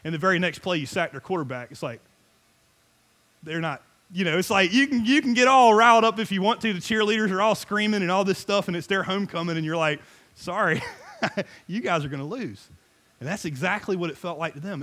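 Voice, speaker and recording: Animated high-voiced man preaching. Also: normal speed. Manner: animated, joking, conversational preaching with frequent laughs. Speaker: pastor. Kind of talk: sermon.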